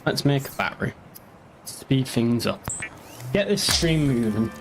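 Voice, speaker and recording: A young man with a northeast English accent chats through a live game stream in a rambling, sweary way, answering his chat as he plays. His voice sits at a middling pitch. A little music plays faintly underneath. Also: very animated, measured pace. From northeast England.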